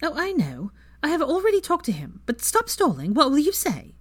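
Woman putting on a bossy young witch, high and lively, brisk and commanding, dry close sound. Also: dry recording. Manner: brisk, commanding, mock-sweet when acting posh. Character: sharp-tongued young witch, bossy and teasing.

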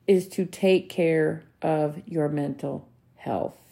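A woman's voice: low-pitched, steady tone, slow pace, vocal fry, dark tone. A woman in her thirties speaks on her own podcast in a heartfelt, emphatic way. She repeats her key points for weight and drops casual swear words as she talks straight to her listeners. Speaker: podcast host. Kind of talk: motivational solo podcast talk.

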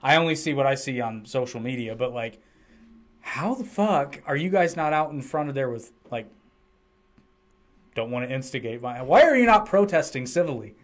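A man's voice: medium pitch, expressive, moderate pace. A man from the United States hosting a podcast, talking in a rambling, opinionated way with restarts. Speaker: podcast host. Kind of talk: casual podcast chat.

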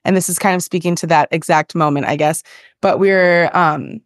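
A woman's voice: lowish voice, fairly even intonation, moderate pace, dry recording, studio quality. A woman in her thirties, a podcast guest, talking earnestly in a casual interview, full of "like" and "um". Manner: filler-heavy, earnest, tangents. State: briefly emotional.

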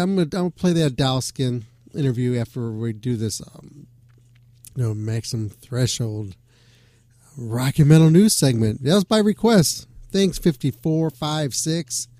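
A man's voice: on the high side, mellow, no room sound. A man hosting a rock radio show, talking casually with loose jokes and swearing. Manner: loose, swearing, joking asides. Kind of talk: casual rambling radio talk.

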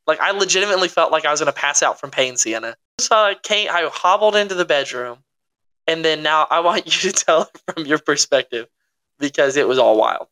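A young man co-hosting a podcast, retelling events in a dramatic, animated way. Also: on the high side, brisk. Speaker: podcast co-host. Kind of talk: casual chat.

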